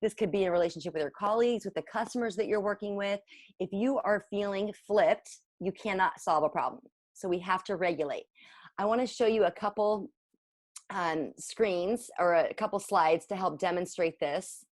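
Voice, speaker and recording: A parent coach in her forties gives an earnest, encouraging workshop presentation with slides, repeating points for emphasis. Her mid-range voice moves at a moderate pace, recorded dry with studio quality.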